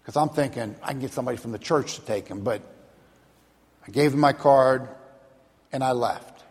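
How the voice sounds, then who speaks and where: A man's voice: mid-range voice, normal speed. A man preaching a sermon as a pastor, telling stories and acting out the voices of the people in them. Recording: long hall reverb.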